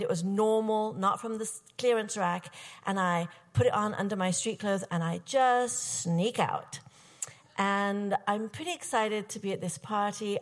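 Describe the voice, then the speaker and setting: Slow, wry woman telling a story. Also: medium pitch, long reverb tail. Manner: wry, comic timing with pauses. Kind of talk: personal storytelling performance.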